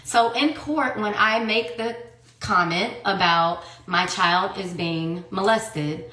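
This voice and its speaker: A woman's voice: medium pitch, animated, slow pace, sharp tone. A woman in her thirties telling her own story in a heated, profane monologue full of rhetorical questions. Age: 30s. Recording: roomy echo.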